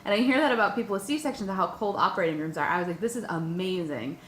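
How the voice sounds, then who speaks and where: A young woman vlogger recounting a personal story in a casual, excited way, full of "like" and "um", acting out her own anxious questions. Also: medium pitch, quick pace. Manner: excited and breathless, lots of "like" and "um", acts out her own panicked questions. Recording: echoey room with faint ambient noise.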